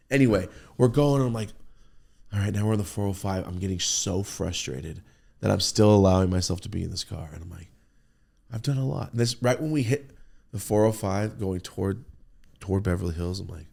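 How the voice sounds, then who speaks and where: A man on a podcast telling a profane, excitable story and acting out his own reactions. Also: lowish voice, fast talker, creaky. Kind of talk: animated storytelling.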